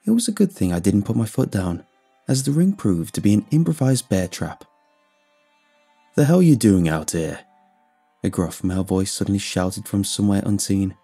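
A man narrating a scripted first-person story in an expressive storytelling way. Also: lowish voice, brisk, husky, faint music behind.

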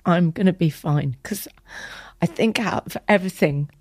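A woman guest telling an emotional personal story in a candid, chatty way, acting out quoted lines with soft whispers. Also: on the low side, normal speed, no room sound.

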